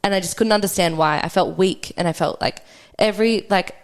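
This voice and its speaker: A young woman speaks in a fairly low voice, talking quickly and conversationally as a podcast guest. She tells her own story candidly and often acts out past dialogue.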